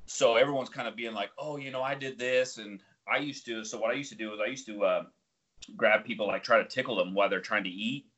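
A man co-hosting a casual chat, telling animated stories and laughing often. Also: on the low side, quick pace. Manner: animated storyteller, acts out quoted voices, laughs often. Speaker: podcast co-host. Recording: dull lo-fi audio.

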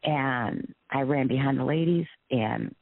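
A man telling a frightening personal story in a halting, shaken way, with many restarts. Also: medium pitch, creaky, no room sound. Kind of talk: emotional personal testimony. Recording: tinny phone-line recording.

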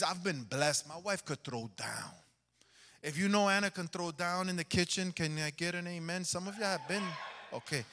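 A man's voice: sits high, a bit bright, long reverb tail. A man giving a conversational sermon testimony in a church, calling out to the congregation for amens. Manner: conversational preaching, asks for amens. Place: church sanctuary.

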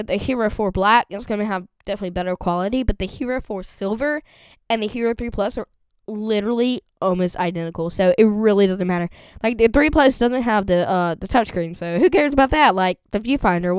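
A teenage girl chatting casually on a podcast, rambling and excitable, with a voice that cracks. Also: mid-range voice, quick pace, clean tone, dry recording. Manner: rambling and excitable, lots of fillers. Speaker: vlogger.

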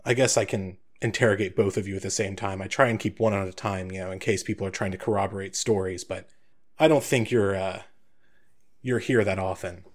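A man voicing a gruff veteran guard captain who asks blunt, accusing questions. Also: low-pitched, fairly even intonation, a little fast. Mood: wary.

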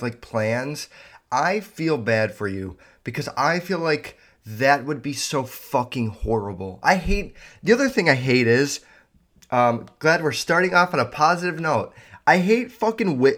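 Rambling, cussing young podcast host. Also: male voice, medium pitch, a bit bright. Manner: rambling, heavy profanity, lots of fillers. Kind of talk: casual solo podcast rant.

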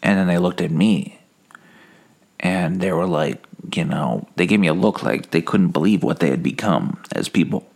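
Low gravelly deadpan man. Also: moderate pace. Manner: deadpan, rambling with self-corrections; escalates mundane stories into dark punchlines. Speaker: comedy podcast host. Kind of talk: absurdist comic monologue.

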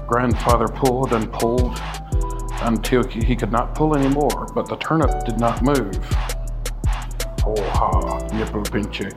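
A man reads a children's tale in a hushed, whispered role-play manner. His voice sits in a middle register, and clear music plays under him the whole time. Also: mid-range voice, unhurried, low-quality recording. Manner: soft storybook reading with silly refrains. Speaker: storyteller. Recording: music playing behind.

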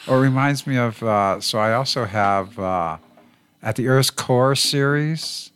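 A man co-hosting a podcast, talking in a hesitant casual way with pauses between phrases. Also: mid-range voice, fairly bright tone, clean tone. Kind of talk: casual chat.

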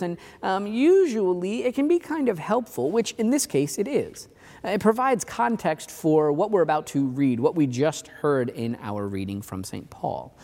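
Male pastor, conversational sermon, lively up-and-down pitch, long church reverb. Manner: relaxed and chatty, with hedging "kind of" asides.

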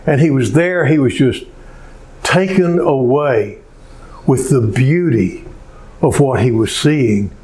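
A male pastor preaching a sermon, telling stories in an unhurried way with many pauses. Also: mid-range voice, a little mellow.

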